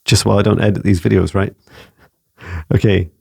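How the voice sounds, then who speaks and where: A Scottish man with a lowish voice and plenty of gravelly fry answers viewer questions as a spiritual mentor. He talks in a gentle, soothing way, often stumbling and repeating words as he thinks. The delivery is casual and unscripted. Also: little pitch movement, brisk. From Scotland. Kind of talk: casual spoken Q&A video.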